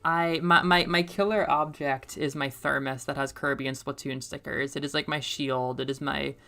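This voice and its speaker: Young woman streamer with a low voice, a rambling talker who laughs a lot and spikes loud when something excites her. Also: moderate pace. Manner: rambling and chatty, laughs often, volume jumps when excited. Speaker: streamer and middle school teacher. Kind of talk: casual chat while playing a game.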